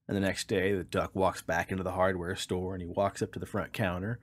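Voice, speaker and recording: A man co-hosting a podcast in casual chat, an animated storyteller who laughs often. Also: low-pitched, a little fast. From Kansas. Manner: animated joke-teller, laughs a lot. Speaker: podcast co-host.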